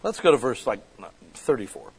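A man's voice: medium pitch, wildly swooping pitch, moderate pace, gravelly, breathy edge, poor audio. A man preaching a casual, conversational sermon that builds to passionate emphasis as a church pastor. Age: adult with children.

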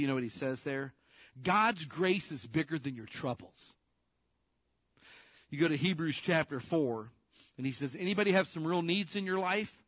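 A man's voice: medium pitch, fairly bright tone, husky, no echo. A man preaching a sermon in a casual, direct way, putting rhetorical questions to his listeners.

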